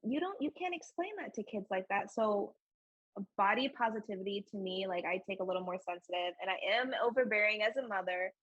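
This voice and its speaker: A young woman speaking as a podcast guest, earnest and emotional in candid conversation, with a husky voice. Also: medium pitch, animated, a little fast, a bit bright, no room sound, muffled recording. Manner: earnest and emotional, frequent fillers and laughs.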